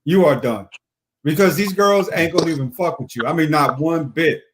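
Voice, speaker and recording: A man's voice: a little high, normal speed, a crowd in the background. A man talking as a guest in a casual chat, opinionated and rambling.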